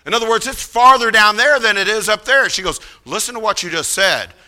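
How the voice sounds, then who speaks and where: A middle-aged man preaching, telling a story with lively acted-out voices of the people in it. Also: sits high, fairly quick. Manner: animated, acts out voices of others in the story. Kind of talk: sermon storytelling.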